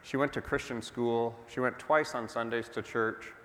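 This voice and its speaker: A man's voice: medium pitch, fairly even intonation, moderate pace, a bit bright, in a large hall. A man preaching a sermon as pastor, telling the story in a conversational way and putting questions to the congregation.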